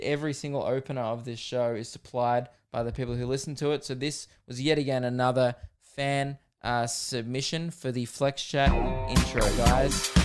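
An Australian man talks through his solo podcast in a loose, rambling, jokey way, full of fillers. His voice is smooth and clear, sitting at an ordinary middle pitch. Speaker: podcast host. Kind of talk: casual solo podcast chat.

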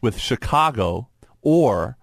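A man's voice: medium pitch, expressive, takes it slowly, creaky, slightly rough, no room sound, studio quality. A man hosting a radio quiz segment in casual banter, laughing often and explaining rules loosely. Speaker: quiz game host on sports radio.

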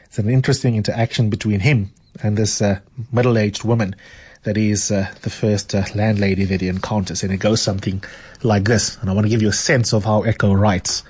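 A man's voice: lowish voice, flat delivery, a little fast, darkish tone, slightly rough. A man hosting a radio show, chatting with callers and his guest, often repeating words as he thinks aloud. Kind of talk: casual radio chat and book reading.

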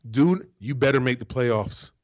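A man's voice: medium pitch, animated, a little slow, highs cut off. A man who once played pro football, co-hosting a casual sports talk show in an emphatic, profane way. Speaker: co-host, former football player.

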